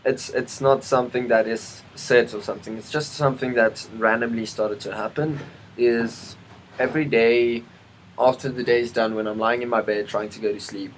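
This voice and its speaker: A man's voice: mid-range voice, steady tone, moderate pace, a little hiss or hum, rough recording. A man vlogging in a casual, rambling monologue, full of ums, restarts and side remarks. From South Africa. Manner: rambling, self-interrupting, many ums and restarts; chatty, asides to the weather.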